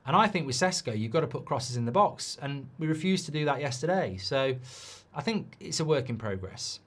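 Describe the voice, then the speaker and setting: A middle-aged man hosting a live football watchalong, reacting to the match and swearing loudly at poor defending. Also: a little high, lively intonation, fairly quick. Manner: swears and rants at bad defending.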